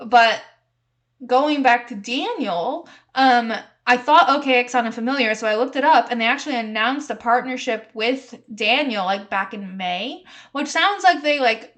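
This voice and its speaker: A young woman with a slightly high voice hosts her own podcast in loose, casual chat. She rambles cheerfully through snarky hot takes, giggling now and then and peppering her talk with "like" and "um.". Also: fairly bright tone. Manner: chatty and giggly, heavy use of "like" and "um". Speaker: podcast host.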